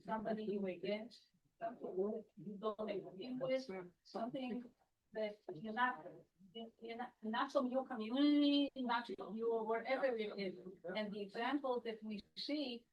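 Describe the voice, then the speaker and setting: A woman speaking up as a student in a Torah class, making her point earnestly with halting phrasing. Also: a little high, poor audio. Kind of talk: classroom discussion.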